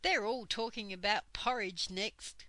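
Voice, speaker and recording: A woman's voice: medium pitch, a little slow, sharp tone, no echo. An older woman voicing Fanny, a timid, chatty girl, near her own voice.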